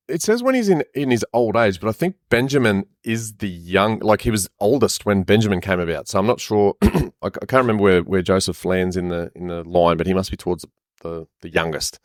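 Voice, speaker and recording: A man's voice: fairly low pitch, normal speed, dry recording, clean studio sound. A man co-hosting a podcast, reading scripture aloud in a casual, chatty way and stopping often to comment. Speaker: podcast co-host and reader.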